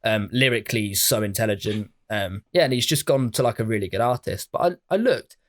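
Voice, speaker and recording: A man's voice: fairly low pitch, a little fast. A man co-hosting a casual music podcast, chatty and swearing casually as he talks about new releases. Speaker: podcast co-host. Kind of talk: casual chat.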